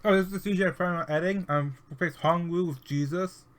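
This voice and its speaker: A man's voice: high-pitched, fast. A man giving casual, jokey gameplay commentary that wanders off on tangents, and at times reading a scripture passage aloud. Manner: rambling, jokey, self-interrupting.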